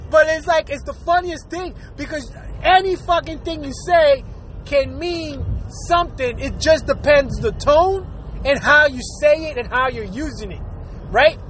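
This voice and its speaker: A man from Puerto Rico in a casual, profane monologue, talking fast, swearing freely and laughing often. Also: very high-pitched, a bit bright, a little hiss or hum, poor audio.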